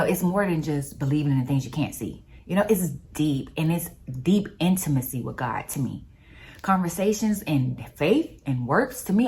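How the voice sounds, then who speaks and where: Low-voiced woman sharing faith stories. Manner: animated storyteller, expressive and conversational. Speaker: vlogger. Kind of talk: casual faith talk.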